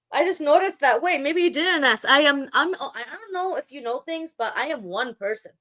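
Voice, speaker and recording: A woman's voice: high-pitched, expressive, moderate pace, few pauses, bright, forceful tone. A woman live-streaming, talking back to her chat in a sarcastic, mocking and scolding way. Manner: scolding, lecturing.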